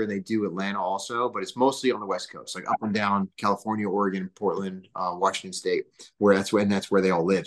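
A man in his thirties, a guest on a podcast, telling casual stories in a rambling way full of fillers. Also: on the low side. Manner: rambling, filler-heavy, animated. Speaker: podcast guest, business founder. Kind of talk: casual storytelling interview.

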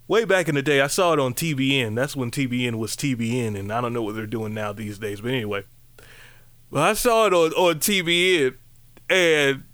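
A man delivers a lively, conversational sermon, bursting into high exclamations and playful asides. There's no room sound.

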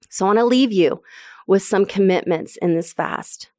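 A woman's voice: mid-range voice, measured pace, a little mellow, no room sound, clean studio sound. A woman preaching a sermon to her church, earnest and emphatic, repeating phrases for stress. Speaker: pastor.

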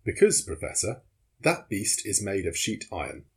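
A man's voice: on the low side, big pitch swings, normal speed, vocal fry, darkish tone, slightly rough, full character voice. A man voicing a bold, blunt male harpooner in an audiobook, matter-of-fact and plain.

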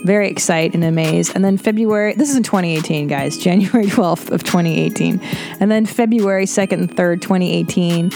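A woman's voice: fairly low pitch, fairly quick, vocal fry, over music. A woman co-hosting a comedy podcast, teasing and making playful asides. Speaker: podcast co-host. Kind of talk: casual chat.

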